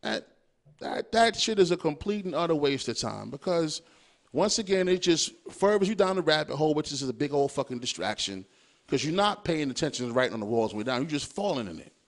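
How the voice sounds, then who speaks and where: A man's voice: fairly high pitch, brisk. A young adult man hosting a podcast, delivering a profane, casual monologue full of rhetorical questions. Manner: animated, swearing freely, riffing with rhetorical questions. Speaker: podcast host.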